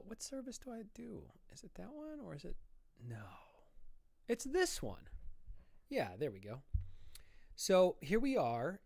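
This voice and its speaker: A man's voice: a little high, gravelly, darkish tone, dry recording. A man chatting casually while drawing on a livestream, rambling and joking at himself. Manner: rambling, self-mocking, chatty. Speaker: streamer and artist.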